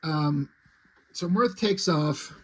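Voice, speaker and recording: A man's voice: a little high, extremely slow, a little hiss or hum. A man casually recapping a comic book's plot, rambling with lots of "like" and restarts. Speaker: comic book reviewer.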